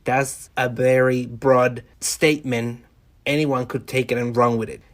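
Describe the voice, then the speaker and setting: A man's voice: medium pitch, level tone, measured pace. Wry, chatty male podcast host. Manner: conversational, wry, addresses listeners directly. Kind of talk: casual solo podcast monologue.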